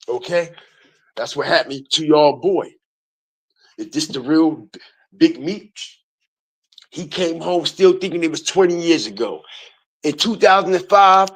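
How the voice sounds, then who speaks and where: A man's voice: fairly high pitch, fairly bright tone. A man hosting an online commentary video, ranting in a heated, profane way and repeating his points.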